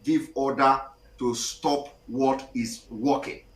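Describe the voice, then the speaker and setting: A man hosting a call-in talk show, speaking calmly and hesitantly, with many fillers as he answers a caller. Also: medium pitch, takes it slowly. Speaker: host. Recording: roomy echo.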